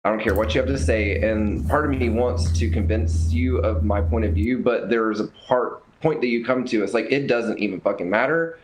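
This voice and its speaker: A man as a guest on a casual livestream, speaking earnestly and haltingly. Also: fairly low pitch, slight background noise, poor audio. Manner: earnest, halting, many fillers.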